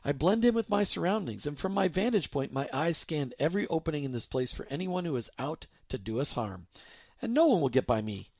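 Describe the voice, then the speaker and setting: A determined, watchful Joseph speaks firmly in a deeper voice, insisting he is a protector and not a background figure, as a man reads him in a storybook telling. His lines swing with lively emphasis. The recording is dry and close. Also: brisk, vocal fry, dry recording, exaggerated voice. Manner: firm, deeper voice.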